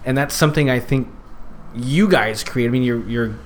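A man's voice: medium pitch, normal speed. A man guest on a podcast, chatting casually and rambling with lots of fillers and restarts. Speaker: podcast guest, youth circus worker. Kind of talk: casual chat.

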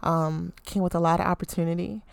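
A woman's voice: on the low side, steady tone, a little fast, gravelly, no room sound. A woman in her twenties hosting a podcast, talking candidly in a casual personal reflection, rambling with lots of fillers. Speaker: podcast host.

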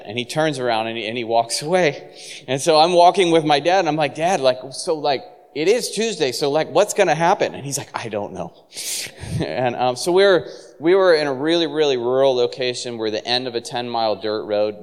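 A man at mid pitch preaches, telling a lively story and breaking into laughter as he acts out the people in it. His voice rings out with a long hall reverb, as if from a church stage. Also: smooth. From San Francisco. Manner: animated, laughing storyteller acting out quotes. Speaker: pastor. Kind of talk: sermon storytelling.

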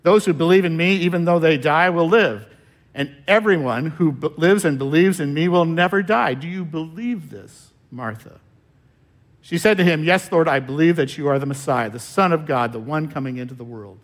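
Slow, measured male preacher. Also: a little high. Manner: slow, measured preaching with long pauses and trailing-off endings. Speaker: pastor. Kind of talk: sermon.

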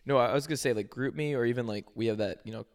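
A man's voice: medium pitch, fast talker. Young man rambling on a podcast. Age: young adult. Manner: rambling, many restarts and fillers. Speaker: podcast co-host. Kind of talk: casual chat.

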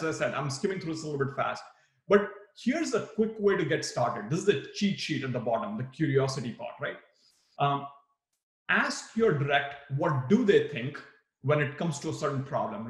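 A man's voice: fairly high pitch, reverberant. A man teaching a workshop for new managers, acting out example replies with big swings in his voice. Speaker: management trainer. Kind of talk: live workshop talk on management.

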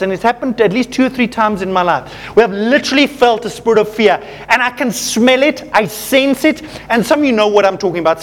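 Male preacher, high-pitched voice, storytelling sermon, fervent, addresses the folks.

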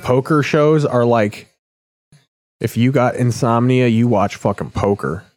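A man's voice: medium pitch, measured pace, darkish tone. A man hosting a podcast, swearing often and riffing casually on what is on the TV. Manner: rambling, crude, joking. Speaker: podcast host watching TV. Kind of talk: casual profane commentary.

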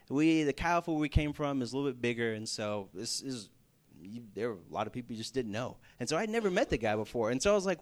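A young adult man preaching a sermon through stories, animated and shifting from soft to loud emphasis. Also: medium pitch, fast talker. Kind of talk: storytelling sermon.

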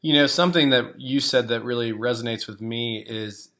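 A man co-hosting a podcast, a higher-ed educator and former teacher, talking in a reflective, thinking-aloud way. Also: normal speed, a bit bright. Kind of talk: casual podcast chat.

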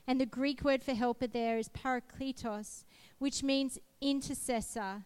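A woman's voice: high-pitched, fairly even intonation, unhurried, few pauses, a little mellow, smooth. A woman, preaching a sermon and telling a personal testimony in an earnest, emphatic way.

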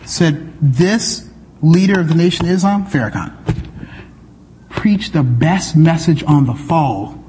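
A male pastor preaching a sermon in a church, conversational and animated, with asides and sudden shouts. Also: a little high, unhurried, long reverb tail, a little hiss or hum. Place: church sanctuary.

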